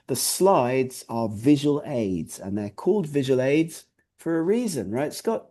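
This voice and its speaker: A man's voice: mid-range voice, warm tone. A man co-presenting a webinar over a video call, giving emphatic, instructive presentation tips and repeating his key points. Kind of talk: presentation training talk.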